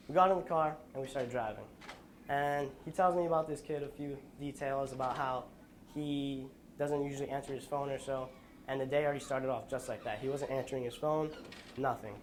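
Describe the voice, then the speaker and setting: A young man giving a school presentation, telling a personal story in an earnest, halting way with restarts, sounding tired. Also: mid-range voice, slight background noise. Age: young adult. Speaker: student presenter.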